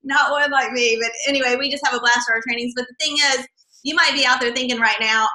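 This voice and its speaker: Woman, bright voice, a bit high, echoey room. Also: steady tone, quick pace. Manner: chatty, enthusiastic, laughs often. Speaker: co-host of an online sales party. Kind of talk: casual sales pitch.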